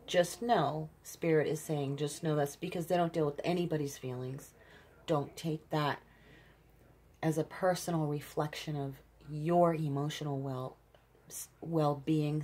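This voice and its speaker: Husky low-voiced woman reading tarot. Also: a little mellow. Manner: earnest and emphatic, searching for words mid-sentence. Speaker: tarot reader. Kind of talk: intuitive tarot reading for viewers.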